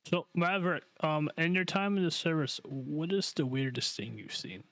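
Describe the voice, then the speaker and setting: A man's voice: fairly high pitch, animated, normal speed, fairly bright tone, no echo. A man co-hosting a podcast, asking questions in a laid-back, casual way. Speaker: podcast co-host.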